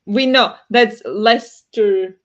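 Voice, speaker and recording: A woman's voice: mid-range voice, slow pace, a bit bright, lo-fi sound. Chatty Flemish woman streaming late. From Flanders. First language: Dutch. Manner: chatty, laughs often, reads chat aloud. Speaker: livestream host. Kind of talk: casual livestream chat. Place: home at night.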